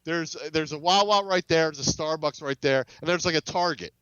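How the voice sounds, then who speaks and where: A man's voice: on the high side, fairly quick, fairly bright tone, smooth, no room sound, muffled recording. A man, a game studio's CEO, chatting as a podcast guest, rambling with frequent restarts and acting out quoted dialogue. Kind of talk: casual interview storytelling.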